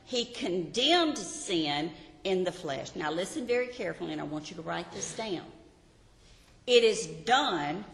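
A woman with a bright, fairly high voice teaches a Bible lesson at an unhurried pace. She sounds earnest and keeps drawing her listeners in with rhetorical questions. Her voice rings out in a large, reverberant hall.

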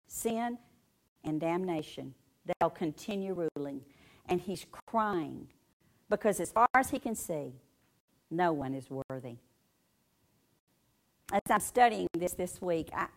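Slow, emphatic woman preaching. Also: lowish voice. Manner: dramatic, emphatic, with heavy pauses and repetition; asks the audience direct questions. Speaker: Bible teacher. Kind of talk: sermon.

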